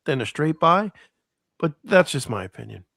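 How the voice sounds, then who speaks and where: A hoarse man with an East Coast accent, co-hosting a casual livestream chat and talking through market numbers with halting restarts. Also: a little high, big pitch swings, fairly bright tone, dry recording, studio quality. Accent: American East Coast. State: hoarse, voice shot. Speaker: co-host.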